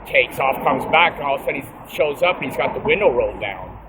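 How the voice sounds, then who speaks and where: A man's voice: mid-range voice, expressive, quick pace. Young man, casual profane storyteller, mid-range voice, outdoors by traffic, noisy phone recording. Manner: rambling, profane, laid-back. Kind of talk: casual spoken anecdote.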